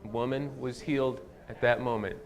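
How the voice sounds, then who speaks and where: A man's voice: mid-range voice, fairly even intonation, normal speed. A man preaching a sermon as pastor, telling a candid personal story with a self-deprecating touch. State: tearful at times. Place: church sanctuary.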